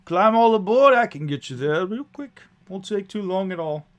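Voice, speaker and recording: A man's voice: sits high, expressive, moderate pace, dull audio, voice pushed up. A man voicing a chatty, sleepless male sky coach driver who rambles and reassures. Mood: jovial. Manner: rambling, jovial, overly reassuring.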